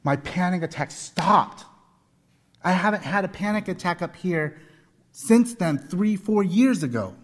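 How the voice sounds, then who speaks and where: A pastor in his forties preaches a sermon in a high-pitched, expressive voice, speaking a little slowly. He shares personal stories, repeating points with earnest emphasis. A long hall reverb surrounds his voice.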